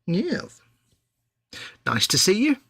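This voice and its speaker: A man's voice: high-pitched, wildly swooping pitch, takes it slowly, gravelly, sharp tone, husky, no room sound. A man co-hosting a live model-building stream, playful and silly, punning and laughing at himself. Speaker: livestream co-host. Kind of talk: casual banter while model building.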